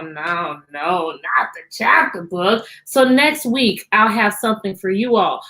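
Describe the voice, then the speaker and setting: A woman's voice: high-pitched, fairly bright tone. A woman teacher hosting a live-streamed storytime from her computer at home, cheerfully greeting children by name.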